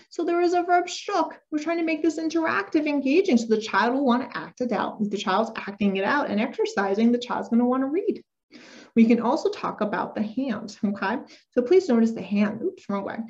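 A woman's voice: a little high, darkish tone. A young adult woman speech therapist teaching parents how to read to children, dropping into an exaggerated sing-song read-aloud voice full of gasps. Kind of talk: parent-education talk with animated read-aloud. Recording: dull lo-fi recording.

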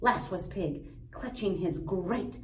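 A woman reads a children's storybook aloud with an expressive, playful delivery, as a teacher explaining to young listeners. She takes her time, letting her pitch swoop up and down. The recording is roomy and echoey, with the mic some way off. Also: takes it slowly, slight background noise. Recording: roomy echo, distant mic.

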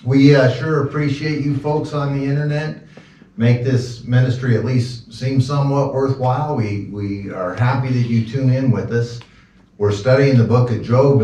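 A fairly low-voiced male pastor preaches in a folksy, joking manner, stopping and restarting his sentences. The sound is distant and muffled, picked up from far off in a roomy church. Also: mellow, slight background noise. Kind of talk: sermon.

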